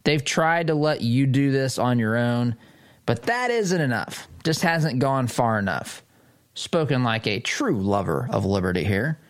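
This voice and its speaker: A middle-aged man hosting a political commentary show, reading an article aloud and reacting with sarcasm and emphatic jumps in pitch. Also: lively intonation, measured pace, smooth.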